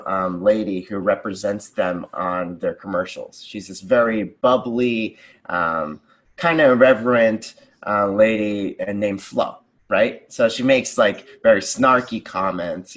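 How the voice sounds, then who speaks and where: An American man with a fairly low voice, talking casually as a guest on an interview show. He sounds enthusiastic about his work and livens up his examples with little acted-out voices. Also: a little slow. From United States. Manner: enthusiastic, jumps into lively voices when telling examples. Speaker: guest, conversation designer.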